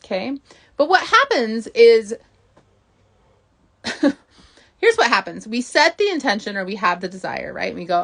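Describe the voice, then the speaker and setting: A woman giving a casual motivational talk as a mindset coach, chatty and animated, often asking "right?" and acting out inner thoughts. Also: fairly high pitch, measured pace, vocal fry, long pauses.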